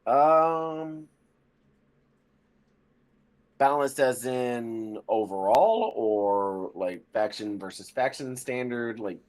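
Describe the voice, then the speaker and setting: A man who is a guest on a gaming podcast, talking in a relaxed, chatty way with lots of fillers. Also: mid-range voice, slow. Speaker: podcast guest, military veteran. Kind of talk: casual gaming podcast chat.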